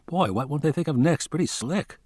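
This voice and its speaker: A man's voice: a little high, lively intonation, a little fast, a little mellow, no echo, pitched above the performer's own voice. Narrator doing a friendly, placating male researcher, eager to explain, dry close sound. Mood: chatty. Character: chatty, placating male field biologist.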